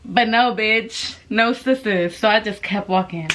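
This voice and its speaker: A woman's voice: fairly high pitch, lively intonation, measured pace, few pauses, fairly bright tone. A young woman casually telling a storytime vlog, brash and profane, laughing as she goes. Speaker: vlogger.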